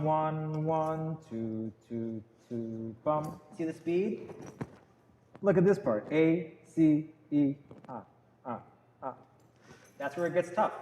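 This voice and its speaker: A man with a fairly high, warm voice teaches guitar, counting beats and calling note letters that his students chant back together. The music lesson is recorded in an echoey room with faint noise.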